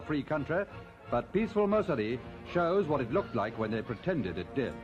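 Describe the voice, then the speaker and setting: A man's voice: mid-range voice, very animated, moderate pace. A man narrating an old newsreel in a dramatic, clipped announcer delivery. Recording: dull old newsreel audio with music.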